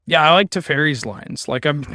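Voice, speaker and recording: A man's voice: on the high side, animated, moderate pace, pushed and bright, no echo, clean studio sound. A man streaming a card game, giving casual commentary with wry, sarcastic asides.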